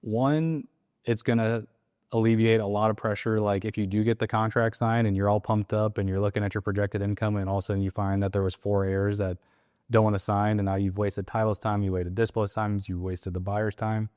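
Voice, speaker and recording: A man with a low-pitched voice explains a sales process in relaxed, casual chat. He slips into short acted-out lines from phone calls with sellers as he goes. The sound is dry and close, with no room echo. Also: brisk, clean tone. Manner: acts out sales call lines in quotes. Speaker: real estate wholesaling coach.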